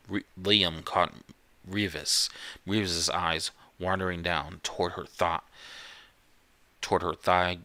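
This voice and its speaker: Male live story narrator, low voice, bright tone, dry sound, frequent restarts. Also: no room sound. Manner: stumbling, self-correcting reading. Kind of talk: live horror story reading.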